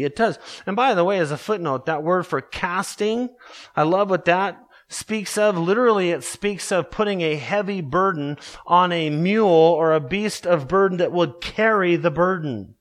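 A man preaching a sermon, earnest and emphatic, slowing down to stress scripture verses. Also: on the high side. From Colorado, USA. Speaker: pastor.

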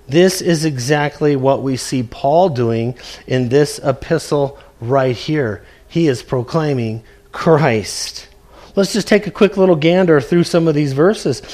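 High-voiced man preaching slowly. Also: a little mellow. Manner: earnest preaching with rhetorical questions and emphatic repetition. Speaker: pastor. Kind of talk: sermon.

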